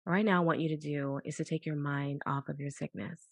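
A woman's voice: deep voice, steady tone, a little fast, vocal fry, no room sound. A woman hosting a podcast, giving earnest, preacher-like faith encouragement with lots of repetition. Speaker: podcast host. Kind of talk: faith-based encouragement talk.

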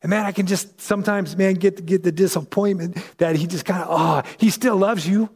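A man's voice: sits high, fairly even intonation, brisk, a little mellow, breathy edge, long reverb tail. A man preaching as a pastor, teaching scripture in an emphatic, conversational way that keeps checking in with his listeners. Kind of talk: sermon, Bible teaching.

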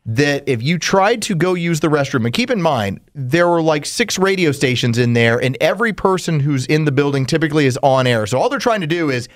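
Radio guy teasing his cohost, tells stories, voice on the higher side. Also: lively intonation, brisk, few pauses. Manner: teasing, storytelling. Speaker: radio host. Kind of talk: casual chat.

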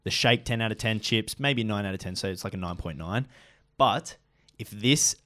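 A man's voice: fairly low pitch, moderate pace, fairly bright tone. A young Australian man co-hosting a casual podcast, emphatic and ranting. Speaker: podcast co-host. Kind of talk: casual chat.

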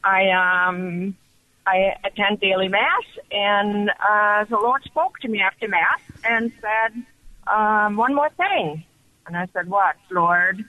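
A woman calling in to a radio show, telling her story with excited, animated energy over the telephone. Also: medium pitch, slow, no room sound. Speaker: caller. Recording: dull phone line.

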